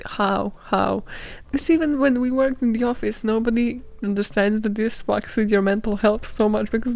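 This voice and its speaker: A woman's voice: a little high, a little mellow, no echo. A woman hosting a solo podcast, ranting bluntly in a rambling, sweary, casual way. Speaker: podcast host.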